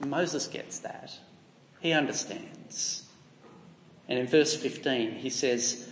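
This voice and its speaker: A man's voice: medium pitch, slow pace, pauses often. A man with an Australian accent preaching a sermon in an earnest, emphatic way, asking rhetorical questions. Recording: echoey hall with long reverb.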